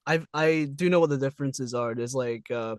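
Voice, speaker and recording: A man hosting a casual interview over a video call, relaxed, laughing often and using many fillers. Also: mid-range voice, normal speed, clean tone, no room sound, clean studio sound. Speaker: interview host.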